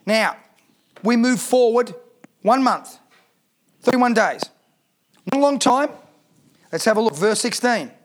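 A man's voice: very high-pitched, lively intonation, a little slow, pauses often. A man preaching a sermon as pastor, reading scripture aloud and asking the congregation rhetorical questions.

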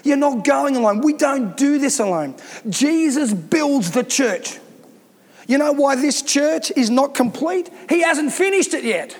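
High-voiced pastor preaching. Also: male voice, expressive, a little slow, big-room sound. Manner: emphatic, repetitive preaching. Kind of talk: sermon. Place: church.

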